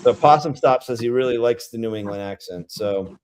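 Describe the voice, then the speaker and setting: A man's voice: medium pitch, a little fast, darkish tone, slight background noise. A man with a Rhode Island accent hosting a casual beer-tasting livestream, rambling chattily with lots of fillers.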